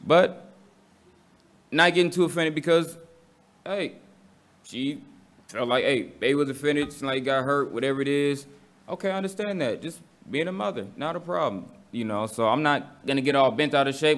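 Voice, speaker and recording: A man's voice: fairly high pitch, moderate pace, a bit bright. A man with a casual, slangy manner, teaching a Bible study to a congregation and asking the room questions.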